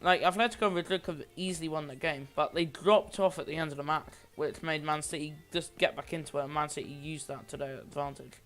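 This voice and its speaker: Man, amateur football commentator, high and clear voice, loose self-correcting delivery, faint music underneath. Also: steady tone, fast, few pauses, a bit bright. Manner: rambling, with frequent restarts and self-corrections. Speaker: match commentator.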